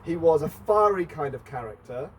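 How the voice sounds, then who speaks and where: A man's voice: on the high side, expressive, moderate pace. A middle-aged man, preaching a conversational sermon in a church and chatting with the congregation. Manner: chatty, asks the congregation questions. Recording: distant mic, faint background noise.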